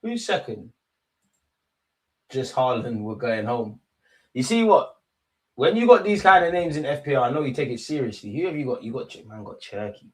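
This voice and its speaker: A man's voice: mid-range voice, big pitch swings, moderate pace, pauses often. Chatty man streaming a watch-along. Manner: chatty, loose banter with chat, slangy. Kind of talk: casual live watch-along chat.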